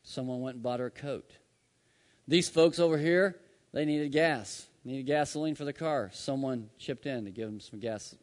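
A man preaching a sermon, telling a personal story with loud bursts that drop to hushed tones. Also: medium pitch, normal speed. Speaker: pastor. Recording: long hall reverb.

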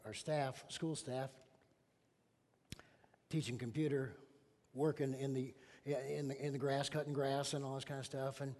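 A middle-aged male pastor with a medium-pitched voice delivers a sermon in a big, echoing room. He tells stories with lots of animation, acting out the voices of the people he quotes, and his loudness swings widely.

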